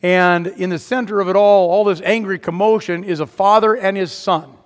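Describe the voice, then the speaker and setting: A man's voice: sits high, fairly even intonation, moderate pace. A man preaching a sermon, retelling a story dramatically and rising to emphatic peaks. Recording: long hall reverb.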